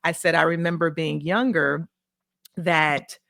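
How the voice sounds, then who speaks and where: A woman guest on a podcast, telling personal stories in a casual, animated way and acting out remembered dialogue. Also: sits low, measured pace, gravelly, no room sound, clean studio sound. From Illinois, USA. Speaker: podcast guest, consulting firm CEO. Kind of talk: casual interview storytelling.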